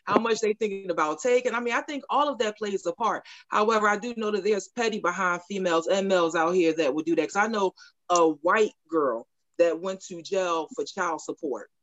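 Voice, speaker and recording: A woman's voice: medium pitch, a little fast, a bit bright, muffled recording. A middle-aged woman telling a personal story candidly in a casual group chat, laughing often.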